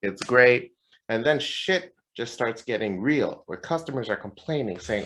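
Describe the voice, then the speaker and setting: A man co-hosting a podcast, telling a story in a casual, animated and profane way. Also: mid-range voice, a little slow, a little hiss or hum. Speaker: podcast co-host. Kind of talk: casual chat.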